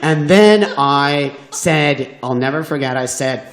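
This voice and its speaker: Animated man telling a story on stage. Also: on the high side, slow pace, roomy sound. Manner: animated, laughs often, acts out quoted lines. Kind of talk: live storytelling for an audience. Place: event venue.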